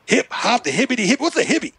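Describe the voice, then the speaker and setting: A man's voice: very high voice, big pitch swings, fast, very noisy, pitched above the performer's own voice, exaggerated voice. A man doing an impression of an intense, blunt male rapper who talks in emphatic street slang.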